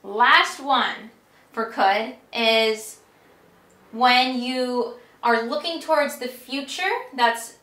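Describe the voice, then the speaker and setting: A woman's voice: on the high side, extremely slow, bright, forceful tone, echoey room. A woman teaching English grammar, patiently explaining each point step by step with examples.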